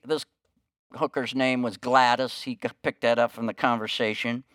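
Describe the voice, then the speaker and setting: A man preaching a sermon, telling a story with hushed quoted lines and rising emphasis. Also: mid-range voice, steady tone, moderate pace, no echo, studio quality. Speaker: pastor.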